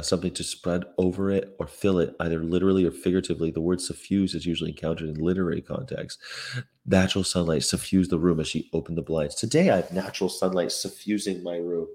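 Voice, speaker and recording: A man's voice: low-pitched, fairly even intonation, fast talker. A man from the North of England, a vegan activist vlogger, reading news aloud and reacting with profane exasperation in a rented apartment room. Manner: profane, exasperated, swings between loud outbursts and muttering. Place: indoor rental apartment room with a window view.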